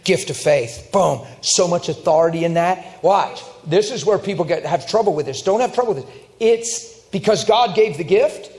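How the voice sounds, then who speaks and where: A middle-aged man preaching a sermon, telling stories in an animated, emphatic way that climbs toward shouting. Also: high voice, moderate pace. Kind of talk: storytelling sermon.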